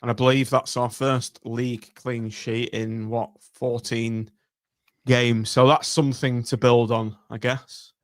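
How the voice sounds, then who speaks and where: A man hosting a casual football podcast, briskly steering the talk and calling on each guest. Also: mid-range voice, flat delivery, no room sound, clean studio sound. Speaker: podcast host.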